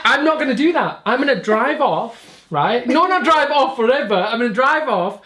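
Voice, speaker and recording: A woman's voice: a little high, animated, moderate pace, fairly bright tone. A woman, co-hosting a casual chat podcast, emphatic and laughing often. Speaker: podcast co-host.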